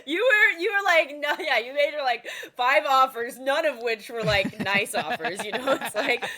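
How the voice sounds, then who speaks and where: A woman co-hosting a comedy podcast, telling stories in a casual, animated way with lots of "like" and frequent laughter. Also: sits high, normal speed. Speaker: podcast co-host.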